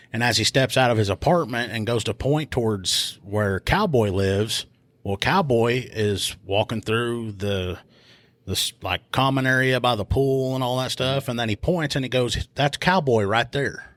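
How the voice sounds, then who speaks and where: A police officer tells stories casually in a podcast studio, his medium-pitched voice carrying no room sound. He retells events with animation, acting out what people said in a raised voice.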